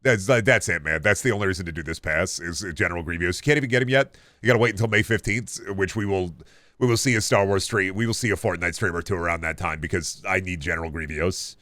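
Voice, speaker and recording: A man's voice: deep voice, quick pace, pushed and bright, no echo, studio quality. A man streaming a video game, chatting in a rambling, jokey way with plenty of swearing. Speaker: gaming streamer. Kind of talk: casual stream chat.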